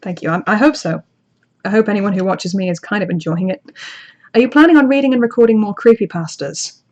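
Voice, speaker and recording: A woman's voice: medium pitch, fairly quick, darkish tone. A young woman hosting a casual livestream, reading and answering chat in a chatty, self-deprecating way with frequent restarts. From outside the United States. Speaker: channel host reading live chat.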